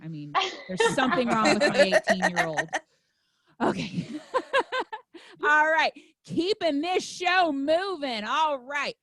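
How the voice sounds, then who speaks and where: Bright, brash woman emceeing a comedy show. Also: sits high, very animated, slow pace. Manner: brash, joking, hypes the crowd.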